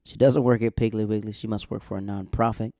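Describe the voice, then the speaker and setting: Young male recap host, warm low-key voice, chatty and rambling, dry close sound. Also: flat delivery, fast talker, no echo. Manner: rambling, chatty, self-correcting asides. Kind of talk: casual episode recap.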